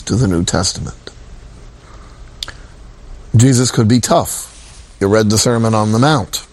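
An older man, a priest, preaching a sermon in a slow, folksy, emphatic way and quoting scripture. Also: medium pitch, a little mellow.

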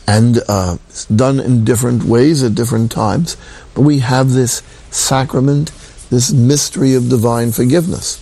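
An older man, a priest, preaching a sermon in a slow, folksy, emphatic way and quoting scripture. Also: mid-range voice, a little mellow.

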